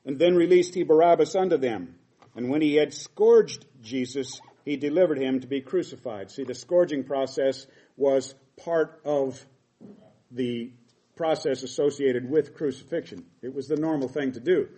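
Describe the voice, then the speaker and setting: A man's voice: mid-range voice, normal speed, warm tone. A middle-aged man preaching a sermon, reading scripture aloud and explaining it with emphatic quoted lines.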